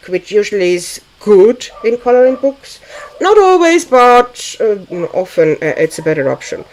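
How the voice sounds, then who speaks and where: A woman talks slowly and unhurriedly on a casual livestream, musing aloud as she paints. She thinks out loud with frequent fillers and pauses, and chats easily with her viewers. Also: mid-range voice, poor audio. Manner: chatty with viewers. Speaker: livestream host.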